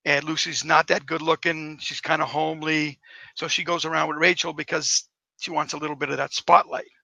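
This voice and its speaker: A male author guest who tells stories in a rambling, enthusiastic way. His voice is gravelly and sharply bright. It sounds dry and close. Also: on the high side, flat delivery, fairly quick, no room sound, rough recording. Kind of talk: casual interview.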